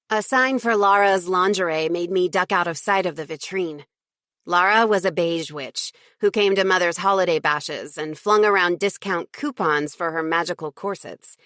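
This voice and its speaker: A woman's voice: on the low side, a bit bright, no echo, studio quality. Woman narrating a cozy audiobook. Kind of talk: scripted first-person audiobook narration.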